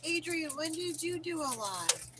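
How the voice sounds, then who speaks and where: A woman's voice: extremely high pitch, sing-song, unhurried, background noise. A woman chiming in with short, casual remarks during a livestream.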